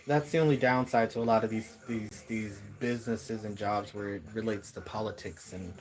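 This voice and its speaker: Man reading cards for viewers, low-pitched, musing and repetitive, relaxed spoken delivery. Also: moderate pace. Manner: musing, repeats words while searching for messages. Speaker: tarot reader. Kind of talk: casual spiritual reading to viewers.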